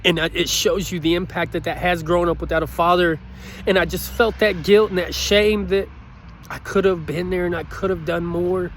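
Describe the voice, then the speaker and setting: A man's voice: high-pitched, fairly even intonation, moderate pace, fairly bright tone, a little hiss or hum. A man giving a heartfelt motivational talk in an earnest, pleading way, choked up with emotion. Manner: earnest, pleading, repeats his points. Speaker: motivational speaker.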